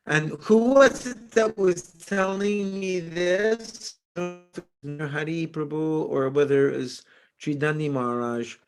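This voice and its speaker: Man, group leader, somewhat high voice, laughs often, reads aloud, video call. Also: takes it slowly, faint music behind. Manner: laughs often, lively storytelling. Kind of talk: reading aloud and casual chat.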